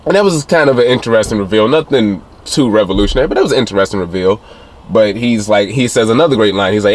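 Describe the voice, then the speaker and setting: Male reviewer, low-pitched, loose and chatty, retelling a plot with plenty of fillers. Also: animated, fast. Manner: rambling retelling with many fillers, acting out quotes in a higher voice. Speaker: film reviewer. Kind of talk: casual spoiler recap of a film.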